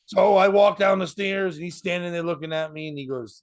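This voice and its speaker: A comedian hosting a podcast tells a story casually, laughing as he goes, acting out other people's lines and swearing freely. His voice is high-pitched and a little fast.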